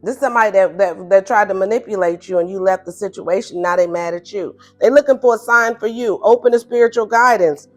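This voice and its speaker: A woman giving a casual tarot reading, animated and blunt, who laughs often and acts out the listener's replies in playful higher tones. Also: quick pace, hardly any pauses. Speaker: tarot reader. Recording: faint music behind.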